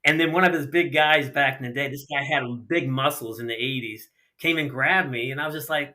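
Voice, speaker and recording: Bright-voiced middle-aged man spinning race yarns. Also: medium pitch, fairly quick, few pauses. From Ohio. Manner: animated anecdotes with lots of acted-out dialogue and casual slang. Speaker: guest, retired sprint car racer. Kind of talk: casual storytelling in a podcast interview.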